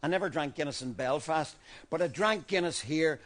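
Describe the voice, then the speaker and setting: A man acts out an unhinged older loyalist, speaking with a Northern Irish accent in a fairly high voice. He delivers a theatrical monologue, sliding from quiet, brooding musing into shouted ranting. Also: moderate pace, close to an everyday voice. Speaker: stage actor in monologue.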